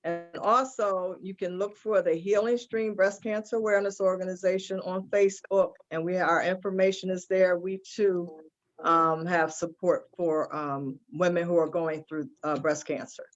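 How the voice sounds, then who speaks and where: A woman's voice: lowish voice, steady tone, moderate pace, dull audio. A woman who survived breast cancer, speaking on an online panel and earnestly recommending support resources. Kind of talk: panel discussion answer. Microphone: video call.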